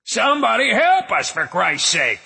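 A man's voice: on the low side, unhurried, fairly bright tone, husky, big-room sound. A man voicing a tough, blunt male police officer who gives curt orders and swears freely. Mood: elated.

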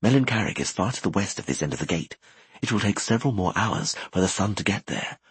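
A man voicing a calm male wizard mentor who speaks in a low, hushed whisper. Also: fast, husky, dry recording, heavily acted. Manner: whispering, quiet.

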